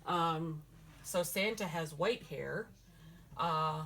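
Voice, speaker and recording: Slow, patient woman teaching words. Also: lowish voice, a bit bright, slight background noise. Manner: patient, repeats words syllable by syllable. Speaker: language teacher. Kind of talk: slow spoken language lesson.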